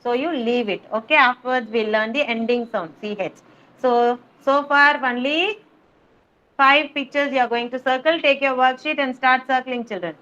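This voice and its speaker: A woman teaching phonics to small children over a video call, sounding out letters slowly and patiently repeating words. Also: high-pitched, pushed and bright, dull audio. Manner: slow, drawn-out sounding of letters, patient repetition. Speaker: kindergarten teacher. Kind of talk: online phonics lesson for young children.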